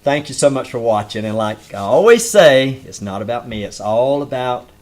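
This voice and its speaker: A man with a Southern accent hosting a casual interview show, speaking with hesitant fillers and warm praise for his guest. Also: mid-range voice, animated, normal speed, noisy background. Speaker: show host.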